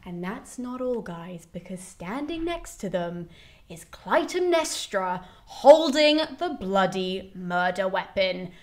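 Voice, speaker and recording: A woman presenter giving an animated, chatty summary of a classical play, swearing and laughing freely. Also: medium pitch, takes it slowly. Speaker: YouTube presenter.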